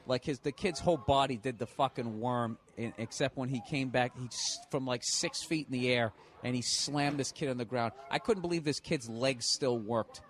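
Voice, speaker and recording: A man's voice: medium pitch, moderate pace, few pauses, a little hiss or hum. A middle-aged man, hosting a podcast in a profane, ranting monologue that breaks into laughter. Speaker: podcast host. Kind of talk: casual monologue.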